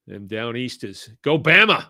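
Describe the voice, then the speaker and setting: An older man from Massachusetts talks casually on a podcast, folksy and blunt, chuckling through his stories. His voice sits at an ordinary middle pitch. The recording is dry and close, with no room sound. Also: pushed and bright, dry recording. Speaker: podcast host. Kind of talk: casual podcast talk reading listener comments.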